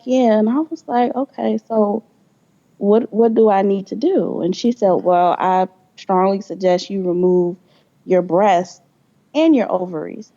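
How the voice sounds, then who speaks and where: A woman's voice: mid-range voice, a little slow, warm tone, muffled recording. A young adult woman, a podcast guest, telling her story candidly with blunt profanity and acted-out quoted dialogue.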